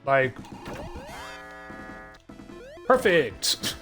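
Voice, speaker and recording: A man's voice: medium pitch, sing-song, drawn-out words, fairly bright tone, faint music behind. A man streaming live, ranting to his chat in a rambling, sardonic way, swearing constantly and restarting his sentences. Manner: rambling, heavy cursing, sardonic.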